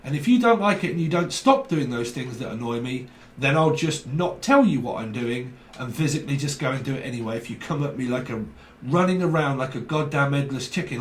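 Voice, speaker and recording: A man giving a casual tarot reading on video, emphatic and dramatic, often checking in with a quick question tag. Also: medium pitch, expressive. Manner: emphatic, dramatic, keeps asking "right?". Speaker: tarot reader. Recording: echoey room.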